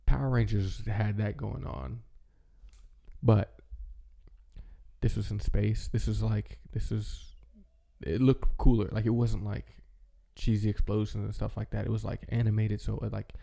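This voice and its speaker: A low, gravelly man's voice with a dark tone, talking in a loose, rambling way full of "like" and restarts. He sounds nostalgic and unhurried, a host reminiscing in a relaxed monologue. The delivery stays fairly flat. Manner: rambling, filler-heavy, nostalgic. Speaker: channel host.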